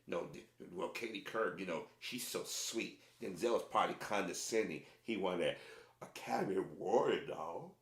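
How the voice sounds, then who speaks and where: Smug online commenter, low and muttered, played by a man, roomy echo. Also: sing-song, normal speed. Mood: mocking.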